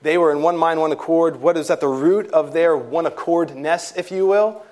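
A man preaching a sermon in a church, earnest and emphatic, stressing key words as he builds. His voice sits a bit high for a man. He talks like a pastor addressing his congregation. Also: normal speed, darkish tone. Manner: earnest, emphatic preaching with fillers and rising intensity on key points.

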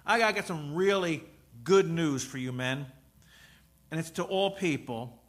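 Male pastor, middle-aged, high voice, storytelling sermon with loud peaks and quiet asides. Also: moderate pace. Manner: storytelling, swings from loud preaching to soft asides.

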